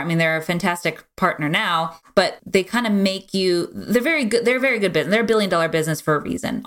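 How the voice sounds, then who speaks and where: Lowish-voiced woman on a podcast, middle-aged, talks fast and frank, lots of "like"s and "you know"s. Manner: frank, energetic, many fillers like "like" and "you know". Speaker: podcast guest, business owner. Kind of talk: casual conversational storytelling.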